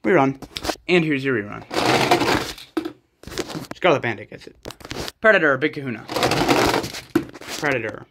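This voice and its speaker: A man giving quick, excitable play-by-play commentary of toy truck races on a rug at home. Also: mid-range voice. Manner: quick excitable race calls with sudden exclamations. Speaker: race commentator and organizer. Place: indoors at home on a rug floor. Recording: loud background noise with clicks.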